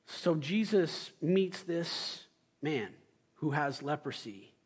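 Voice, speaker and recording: A young adult male pastor giving a sermon, telling stories with loud excited bursts and quiet asides. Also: fairly high pitch, slow, breathy edge.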